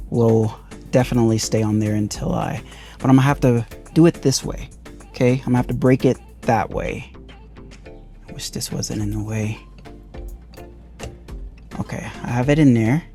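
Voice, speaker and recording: A man's voice: mid-range voice, mellow. A man casually walking viewers through a hands-on car repair, thinking aloud as he works. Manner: thinks aloud while working, loose and conversational. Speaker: car DIY reviewer.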